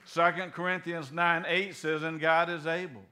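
High, bright-voiced folksy preacher man. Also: normal speed. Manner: folksy, animated preaching with sudden loud bursts and soft drops. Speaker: pastor. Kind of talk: sermon.

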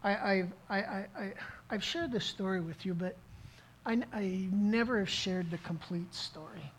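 A man's voice: sits high, normal speed, slight background noise, rough recording. A middle-aged man preaching a sermon as pastor, telling a story in an earnest way, with frequent restarts. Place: church service.

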